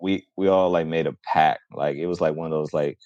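A man with a very deep, low voice talks in a loose, relaxed way, leaning on slang and constant "like" fillers. The sound is dry and close, with little room around it. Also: fairly quick, no room sound, highs cut off. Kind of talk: casual chat.

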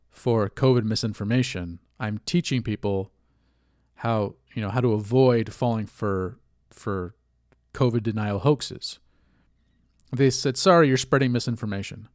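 A man's voice: mid-range voice, darkish tone, clean tone, no echo. Male podcast host, loose casual monologue, candid and profane, mid-range voice, dry room. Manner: rambling, candid, swears freely, laughs at himself.

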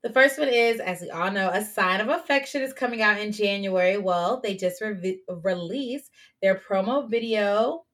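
Bright-sounding woman cohosting a chill anime podcast, jokey and laughing a lot. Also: mid-range voice, normal speed. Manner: playful, laughs often, teasing. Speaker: podcast co-host. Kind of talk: casual chat about anime.

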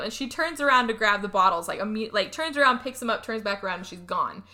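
Bright-voiced woman recapping a movie. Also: mid-range voice, fast. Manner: animated, laughs often, acts out the characters' lines. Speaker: podcast co-host. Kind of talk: casual movie recap chat.

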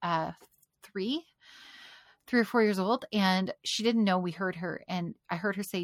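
Woman guest telling her own story, laughs a lot, lively and open, dry close sound. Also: mid-range voice, a little slow, no echo. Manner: animated and candid, laughs often between phrases. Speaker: podcast guest. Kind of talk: personal testimony in conversation.

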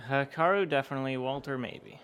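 A man's voice: mid-range voice, brisk, fairly bright tone. A man playing a tabletop role-play game, laid-back and joking as he talks. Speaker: player.

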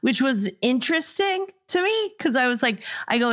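A woman's voice: medium pitch, lively intonation, quick pace, few pauses, fairly bright tone. A woman guest who teaches improv classes, explaining her view thoughtfully in casual chat.

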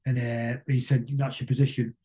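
A man's voice: medium pitch, little pitch movement, normal speed, mellow, low-quality recording. A middle-aged man, a podcast guest telling long stories that ramble along with frequent restarts and repeated words. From Salford, England. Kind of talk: casual storytelling interview.

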